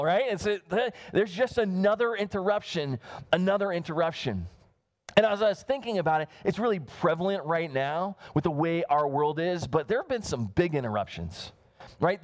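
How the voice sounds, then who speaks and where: A male pastor in his thirties giving a casual, conversational sermon, full of fillers and restarts. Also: high-pitched. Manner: rambling and self-interrupting, with many fillers and restarts. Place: church livestream.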